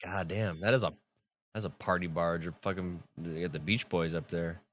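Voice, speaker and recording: A man's voice: low voice, fairly even intonation, normal speed. A man co-hosting a podcast, reading and joking in laid-back, crude banter. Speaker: podcast co-host. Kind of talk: casual storytelling chat.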